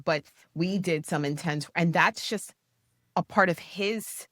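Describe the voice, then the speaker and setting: A woman, low in pitch, chatting as a podcast co-host. She tells stories in an animated, casual way and leans on "like" and "you know." The sound is close and dry. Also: unhurried, no room sound. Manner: animated storytelling, many "you know" and "like" fillers. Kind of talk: casual conversational interview.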